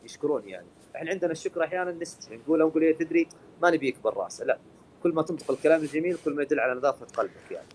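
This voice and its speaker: Rapid-talking man hosting a live chat. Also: fairly high pitch, animated, a little mellow, slight background noise, poor audio. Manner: rapid-fire, jokey, hesitant with many uh fillers in English. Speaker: host of a live English practice stream. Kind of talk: bilingual casual live-stream chat.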